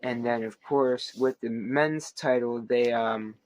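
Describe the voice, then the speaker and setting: A man's voice: medium pitch, fairly even intonation, slow pace, darkish tone, no echo. A man hosting a wrestling podcast, giving a casual, rambling recap full of fillers, restarts and playful asides.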